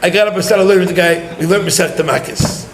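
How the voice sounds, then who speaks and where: A rabbi telling a story in a sermon, animated and laughing as he talks, mixing in Yiddish and Hebrew words. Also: high-pitched, fast. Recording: roomy echo with faint noise.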